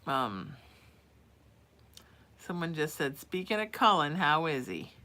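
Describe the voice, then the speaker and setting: A woman's voice: low voice, very animated, takes it slowly, bright, forceful tone. Chatty psychic woman on a live stream. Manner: chatty, calls viewers sweetie and sweetheart; reads viewer messages aloud then answers. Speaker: psychic giving live readings. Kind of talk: casual live-stream advice.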